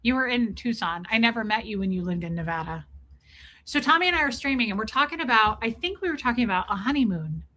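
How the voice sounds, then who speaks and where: A woman hosting a casual livestream, greeting viewers by name and telling a self-mocking story in an animated way. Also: a little high, quick pace. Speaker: livestream host. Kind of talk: casual livestream chat reading viewer comments.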